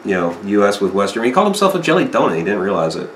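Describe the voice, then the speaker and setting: A man's voice: on the low side, very animated, rapid-fire, roomy sound, heavy background noise. A man hosting a casual livestream chat, easygoing as he manages the setup. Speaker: podcast host.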